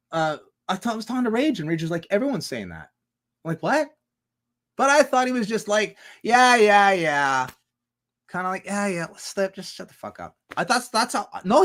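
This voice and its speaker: A man's voice: medium pitch, fairly bright tone. A man rambling through a livestream monologue, swearing a lot and firing off rhetorical questions. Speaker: streamer.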